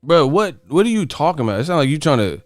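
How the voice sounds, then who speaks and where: Pitched on the high side and very animated, this adult man speaks at a quick pace with no echo. He's hosting a boxing channel, casually reacting to his chat with laughing, profanity-laced riffs.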